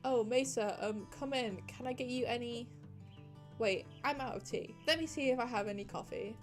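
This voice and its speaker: A woman's voice: a little high, moderate pace, close to an everyday voice. A shy young townsman fumbles through an offer of tea he doesn't have, as a woman voices him. He speaks in hesitant bits, with faint music underneath. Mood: flustered.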